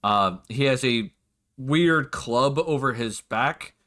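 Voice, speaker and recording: A man's voice: medium pitch, takes it slowly, sharp tone. A man narrating as game master of a tabletop game, rambling and correcting himself as he goes. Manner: rambling, laughs and self-corrects.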